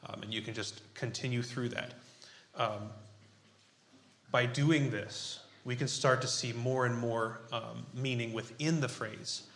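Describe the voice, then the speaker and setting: A man preaching a sermon in a bright, forceful voice. He talks in an unhurried, halting way with frequent fillers. His voice rings around a roomy church space. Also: mid-range voice, fairly even intonation, a little hiss or hum. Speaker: pastor. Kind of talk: sermon with group scripture reading. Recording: roomy echo.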